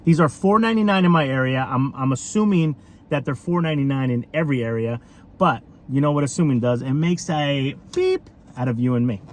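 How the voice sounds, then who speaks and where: Chatty man reviewing fast food. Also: medium pitch, darkish tone, slight background noise. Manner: chatty, rambling, with many fillers. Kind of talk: casual food review vlog.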